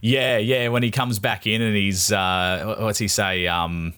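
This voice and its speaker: A man co-hosting a casual film podcast, animated and sweary with blunt opinions. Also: fairly low pitch, a little slow, clear, resonant tone. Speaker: podcast co-host, film reviewer. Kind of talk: casual chat.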